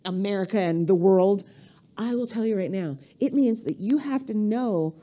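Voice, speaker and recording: A middle-aged woman comedian ranting on a podcast, profane and rambling, with sudden jumps in pitch. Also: moderate pace, dark tone. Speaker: comedian guest.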